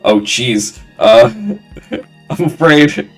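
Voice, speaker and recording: A man's voice: mid-range voice, very animated, drawn-out words, faint music behind. Giggly man playing a narrative game. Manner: giggly, reads on-screen text aloud between reactions. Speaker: game streamer. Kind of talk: casual game playthrough commentary.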